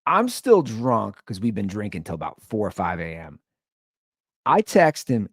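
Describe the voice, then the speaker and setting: A man's voice: on the low side, sing-song, moderate pace, slightly rough, no room sound, studio quality. A man hosting a comedy podcast, telling a story and acting out both sides of the argument.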